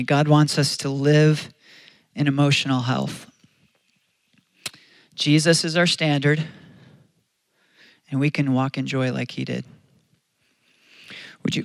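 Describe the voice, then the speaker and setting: A man's voice: medium pitch, gravelly, no echo. A man preaching a sermon as pastor, earnest and conversational, often restarting his phrases.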